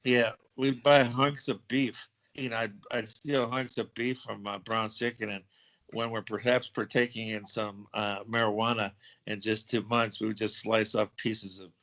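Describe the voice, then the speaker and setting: A man chatting casually with old friends on a podcast, remembering things in a relaxed, rambling way. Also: fairly low pitch, normal speed, low-quality recording. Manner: easygoing, recalls things with fillers and restarts. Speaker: podcast guest.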